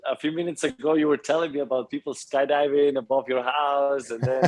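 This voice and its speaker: A man's voice: mid-range voice, fairly even intonation, brisk, rough recording. A man in his twenties from Spain with a Spanish accent, speaking as a guest in a casual interview, upbeat and eager, often saying "you know". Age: 20s.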